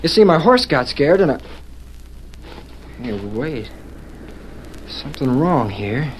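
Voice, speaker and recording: Plucky young cowboy, bright lively voice jumping high, hissy old broadcast. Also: male voice, slow. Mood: hushed. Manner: excited, talking to his horse. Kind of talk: 1940s radio acting. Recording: noisy 1940s radio broadcast.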